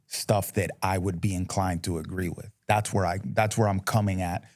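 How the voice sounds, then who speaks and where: A low-voiced man speaks as a talk-show co-host, blunt and opinionated, wandering through his points with restarts. His voice sits close and dry, with no room around it. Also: fairly even intonation, normal speed, a little mellow, no room sound. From United States. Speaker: podcast co-host. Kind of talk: casual chat.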